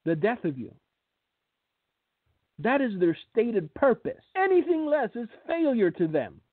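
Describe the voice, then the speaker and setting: In a very high, very animated voice, slightly slow, this radio host and preacher offers blunt, sarcastic commentary. He habitually repeats words as he begins each thought. The recording is dry and sounds tinny, as if over a phone.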